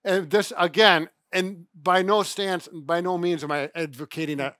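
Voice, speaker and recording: Bright, chatty middle-aged man. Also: high-pitched, fairly even intonation, moderate pace, no echo, clean studio sound. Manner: chatty, self-correcting, demonstrates exercises. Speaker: physical therapist co-host. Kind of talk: casual instructional chat.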